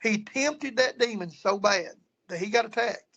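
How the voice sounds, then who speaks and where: On lo-fi audio, a man with a high, gravelly, slightly bright voice tells ghost-hunting stories at normal speed. As a guest paranormal investigator, he chats casually and rambles, often repeating words and restarting.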